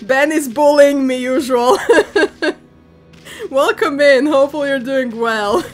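Woman, game streamer, high voice, slow easygoing delivery, giggly, playful teasing. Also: faint music behind. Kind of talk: casual live-stream chat.

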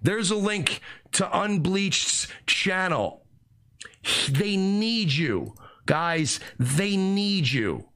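A man on a live stream, sarcastically pleading with viewers in an animated, swinging voice. He sits slightly above average pitch for a man. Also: very slow.

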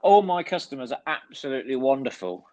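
A man's voice: mid-range voice, sing-song, quick pace, a little mellow, a little hiss or hum. A man chatting as a guest on a radio show, easygoing and agreeable with a teasing streak. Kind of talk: casual radio banter.

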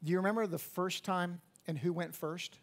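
A man in his fifties, a pastor preaching a sermon in a church, swinging from hushed to loud emphatic peaks and repeating words as he restarts. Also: sits high, steady tone, normal speed. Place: church sanctuary at a live service.

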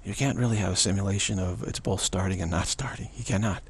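A man's voice: low voice, fast talker, breathy edge. A man giving an unscripted spiritual teaching outdoors, rambling and repetitive, often restarting his sentences.

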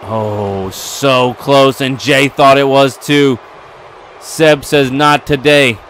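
A man giving excitable play-by-play commentary over a wrestling video game, getting louder at the big moments. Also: mid-range voice, slow pace, slight background noise. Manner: excitable, building to yelling at near falls.

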